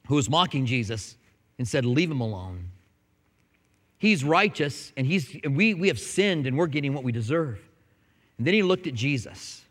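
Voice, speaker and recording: A male pastor preaching an earnest sermon, swinging between loud emphatic lines and hushed, quiet ones. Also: on the high side, long reverb tail.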